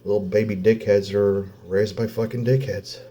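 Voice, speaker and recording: Tearful, cursing dad. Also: male voice, on the low side, fairly even intonation, warm tone. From Oklahoma. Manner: blunt, heavy swearing, halting pauses. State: close to tears. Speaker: vlogger, father. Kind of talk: emotional personal vlog.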